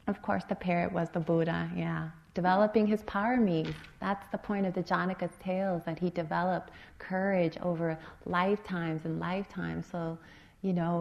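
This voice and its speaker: A woman meditation teacher telling a dharma story in an expressive, rhythmic way. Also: lowish voice, vocal fry, lo-fi sound.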